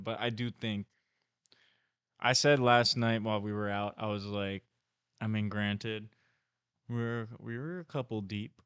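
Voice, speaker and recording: A young man chatting in a relaxed, joking way as a podcast guest. His voice is fairly low and smooth. It sounds dry and close to the mic. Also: dry recording. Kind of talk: casual podcast chat.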